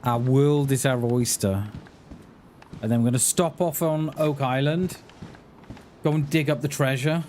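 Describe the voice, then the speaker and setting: With a medium-pitched, steady, darkish voice, this man speaks a little slowly and pauses often. He's livestreaming a game and bantering jokingly with viewers, with a faint hiss or hum in the recording.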